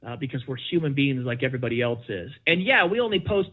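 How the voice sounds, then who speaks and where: A man talking as a podcast guest, telling a personal story in an animated, emphatic way and acting out the dialogue. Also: medium pitch, fast talker. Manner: animated, emphatic, acts out dialogue in his stories. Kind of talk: conversational storytelling. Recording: dull lo-fi sound.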